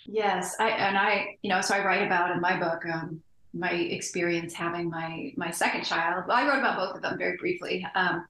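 A woman's voice: fairly low pitch, steady tone, normal speed, pushed and bright, a little hiss or hum. A woman hosting an interview who tells her own story in a reflective, meandering way. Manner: storytelling, reflective, frequent fillers and asides. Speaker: podcast host and author. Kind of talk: conversational interview. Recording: echoey room.

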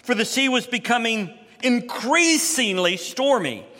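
A middle-aged man preaching a sermon as a pastor, working through a scripture passage and rising sharply in pitch and force to stress key points. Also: animated, measured pace, pushed and bright, in a large hall.

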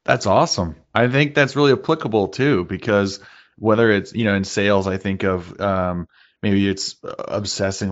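Male interview host, friendly and chatty, deep voice, slightly lo-fi. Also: steady tone, normal speed. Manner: friendly, chatty, asks reflective questions. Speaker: podcast host. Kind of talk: casual interview. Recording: slightly dull, lo-fi sound.

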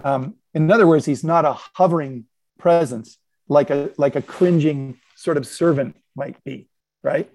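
A man on a podcast discussion panel tells a story and reflects on it aloud, laughing now and then as he unpacks his points in conversational storytelling. His voice is fairly high, unhurried and a little mellow.

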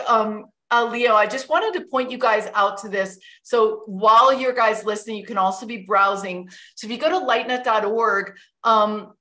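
A woman's voice: on the high side, fairly bright tone. A young adult woman hosting a livestream, talking in a chatty, enthusiastic way with many fillers and asides. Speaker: host. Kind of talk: casual livestream talk.

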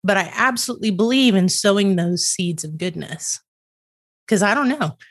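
A middle-aged woman speaking as a podcast guest, her voice sitting at an ordinary middle pitch. She tells personal stories with energy, slipping into the voices of the people she quotes. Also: moderate pace, no room sound, studio quality. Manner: animated storyteller, acts out quoted dialogue. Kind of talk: storytelling conversation.

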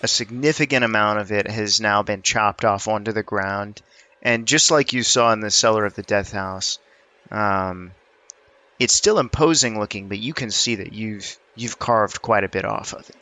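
A man narrating a tabletop game as game master, giving calm, measured rulings. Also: on the low side.

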